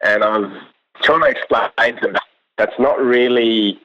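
A young Australian man, a cattle station worker, telling a long story in a relaxed, rambling way and laughing often. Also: mid-range voice, moderate pace, muffled recording. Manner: laid-back, rambling, laughs often, quotes others in lively voices. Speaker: cattle station ringer, guest. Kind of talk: casual storytelling.

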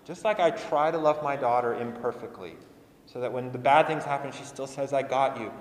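A man's voice: mid-range voice, normal speed. A young man, a pastor, preaching a sermon in an earnest, conversational way and repeating phrases for emphasis. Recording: echoey hall with long reverb.

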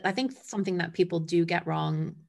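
A woman with a slightly low voice talks about her dogs in a casual conversation. She is animated and acts out how each dog reacts. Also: a little fast, gravelly.

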